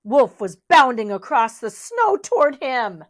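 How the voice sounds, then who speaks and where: A woman's voice: high-pitched, very animated, unhurried. A young adult woman reading a storybook aloud, with chatty asides to young listeners. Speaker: reader.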